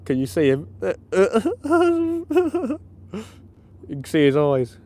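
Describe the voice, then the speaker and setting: A man commenting live on his night fishing session, chatty and excitable, laughing often, outdoors by the water. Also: mid-range voice, fast, smooth. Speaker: fishing vlogger. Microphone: camera or phone mic on a live stream.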